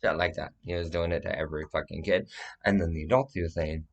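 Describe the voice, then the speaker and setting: A man's voice: deep voice, steady tone, fast talker, highs cut off. A man giving a rambling, profane, agitated monologue that jumps from claim to claim.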